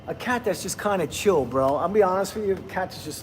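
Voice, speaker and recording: A man's voice: high voice, animated, a little fast, few pauses, a little hiss or hum. A middle-aged man, hosting a casual livestream, chatting, laughing and reading viewer comments aloud. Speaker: livestream host.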